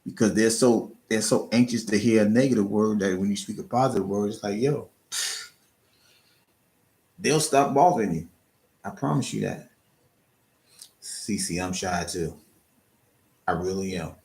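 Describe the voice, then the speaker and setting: A man's voice: fairly low pitch, moderate pace, creaky, long pauses, darkish tone. A man streaming live, giving casual, earnest encouragement to his chat, often restarting and repeating words. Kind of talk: casual motivational talk.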